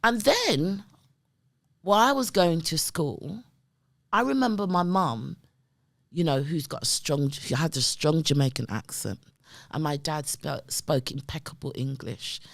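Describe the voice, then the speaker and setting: A middle-aged woman, a guest, telling stories in an emphatic, animated way and often checking in with her listener. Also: low voice, unhurried, vocal fry, no echo. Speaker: guest, community development worker. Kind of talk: conversational storytelling.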